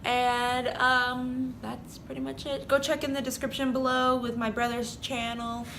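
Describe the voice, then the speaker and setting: A woman's voice: high voice, level tone, measured pace, a bit bright, slight background noise. A young woman vlogging casually, telling a story in a rambling way full of "like" and "um", with giggles.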